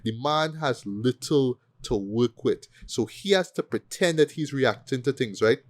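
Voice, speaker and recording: Man, movie-review rant, animated, profane, middle pitch. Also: measured pace. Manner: animated, profane, acts out quoted lines. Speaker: podcast co-host. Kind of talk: casual ranting movie review.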